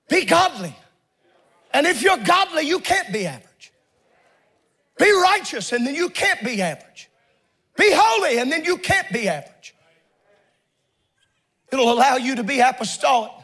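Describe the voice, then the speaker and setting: A man pastor preaching a fiery sermon in a church, often shouting in a rhythmic preaching cadence. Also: very high-pitched, big pitch swings, measured pace, pauses often. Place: church sanctuary with congregation.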